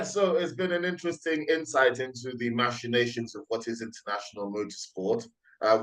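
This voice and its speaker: A man co-hosting a casual sports podcast chat, with a dry, wry way of speaking. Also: mid-range voice. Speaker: co-host. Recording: echoey room.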